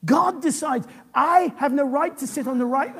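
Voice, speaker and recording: A man preaching a sermon, animated and often restarting his sentences. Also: very high voice, normal speed.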